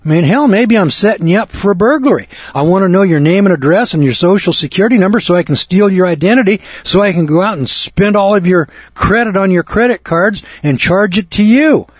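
Man, husky voice, cocky folksy rant, dull dry recording. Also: high voice, expressive, a little fast, few pauses, dry recording. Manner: cocky, ranting, mimics others in quotes. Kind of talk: folksy storytelling monologue.

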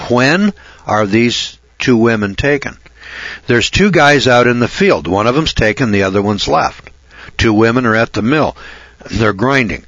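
Low-voiced man preaching a folksy sermon. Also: fairly bright tone, dry recording. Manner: folksy, emphatic, repeats key phrases. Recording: dull, dry lo-fi recording.

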